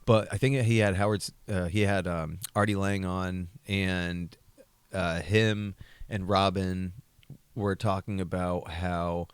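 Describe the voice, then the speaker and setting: A man's voice: low voice, steady tone, slow pace, clear, resonant tone, dry recording. A man co-hosting a comedy podcast, telling a story in a rambling, profane, self-mocking way. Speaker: podcast co-host.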